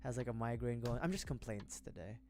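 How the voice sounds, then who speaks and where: A young man from the Philippines, with a medium-pitched, mellow voice and a fairly quick pace, builds a model kit on a livestream. He rambles casually, chatty and self-deprecating.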